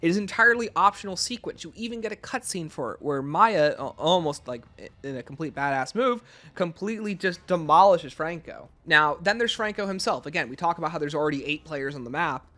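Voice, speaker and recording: A man reviewing a video game without a script, talking casually and often restarting his sentences. His voice is slightly high and very bright and sharp. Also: animated, fairly quick. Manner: casual, rambling, frequent restarts.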